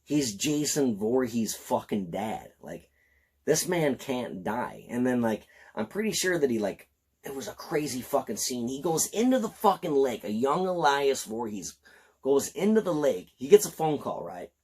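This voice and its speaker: A slightly tipsy man giving an excited, profane, rambling film review. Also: mid-range voice, normal speed, slightly rough.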